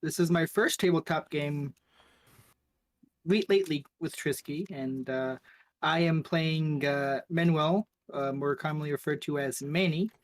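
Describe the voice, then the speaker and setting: A man's voice: a little high, steady tone, measured pace, slight background noise. A man introducing himself and his character in a tabletop game, hesitant and full of fillers. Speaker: player. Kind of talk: casual self-introduction.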